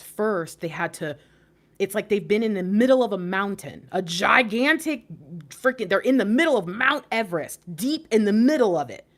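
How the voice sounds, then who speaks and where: A woman's voice: lowish voice, fairly bright tone. A woman giving an intuitive spiritual reading to camera in a casual, emotional way, exclaiming often and swearing offhandedly. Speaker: intuitive tarot reader.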